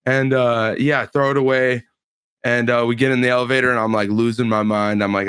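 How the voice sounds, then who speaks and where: Easygoing young man with a smooth voice. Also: medium pitch, little pitch movement, fairly quick, fairly bright tone, no room sound, studio quality. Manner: laid-back storytelling, heavy slang and fillers. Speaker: pro fighter guest on a podcast. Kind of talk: casual chat.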